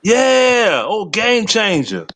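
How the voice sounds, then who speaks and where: A man's voice: high voice, very animated, drawn-out words, fairly bright tone. A man co-hosting a casual livestream, slangy and joking, laughing at his own lines.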